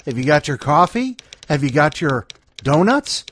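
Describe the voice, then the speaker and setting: A man's voice: a little high, sing-song, moderate pace, fairly bright tone. A man hosting a story podcast, chatting in a playful, rambling way. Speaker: podcast host. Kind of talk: casual chat.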